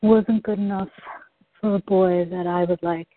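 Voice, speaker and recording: A woman's voice: on the low side, fairly even intonation, unhurried, dry recording. Reflective woman repeating phrases on a thin line. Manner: soft, reflective, repeats lines back. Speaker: client in a therapy session. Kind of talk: repeating phrases in a guided session. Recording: thin phone-like audio, dry.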